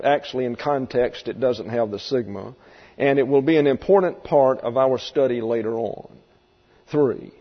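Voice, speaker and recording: In a reverberant hall, a man with a mid-range voice teaches a Bible lesson, halting and restarting while dropping folksy asides. The recording has its highs cut off.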